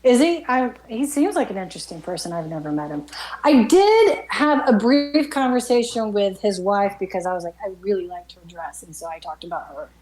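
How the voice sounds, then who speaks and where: A woman photographer, a podcast guest, chatting casually and telling stories in an animated way. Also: medium pitch, brisk, low-quality recording. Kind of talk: casual chat.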